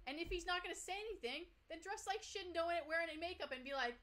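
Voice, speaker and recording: A woman's voice: very high-pitched, fast, bright, forceful tone. A woman co-hosting a casual TV recap chat, ranting bluntly and sounding exasperated. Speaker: podcast co-host.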